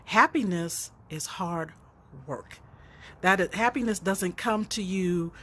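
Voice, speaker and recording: A woman's voice: lowish voice, slow pace, pushed and bright, slightly rough. A woman author and counselor giving an unscripted, earnest motivational talk, preaching and telling stories with dialogue.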